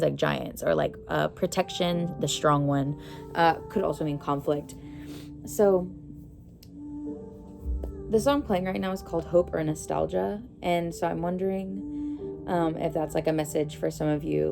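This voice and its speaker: A woman's voice: lowish voice, creaky. A woman giving a casual tarot reading, rambling and correcting herself as she goes, with an occasional giggle. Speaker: psychic tarot reader. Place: indoors at home. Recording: instrumental music playing behind.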